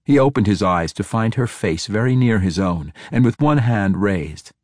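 A man narrating a fantasy audiobook in a measured, steady storytelling voice. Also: lowish voice, dry recording, clean studio sound.

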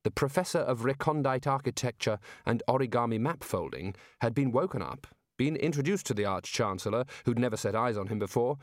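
A man narrating a comic fantasy audiobook with a dry, measured comic delivery. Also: mid-range voice, no room sound. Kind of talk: scripted narration.

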